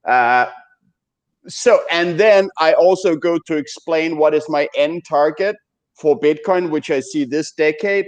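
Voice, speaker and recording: A middle-aged Danish-accented man hosts a relaxed podcast, stopping often on fillers and restarting his sentences. His voice sits a little high for a man. He holds the chat together in an easy, casual way. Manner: halting, with many fillers and restarts. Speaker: podcast host.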